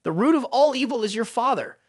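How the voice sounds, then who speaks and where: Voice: mid-range voice, lively intonation, fairly quick, no room sound, clean studio sound, pitched above the performer's own voice, lightly acted. A narrator voicing a scheming man who is a boy's traitorous uncle, speaking coldly and sneeringly in a recap narration. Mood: cold bitter. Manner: cold, sneering.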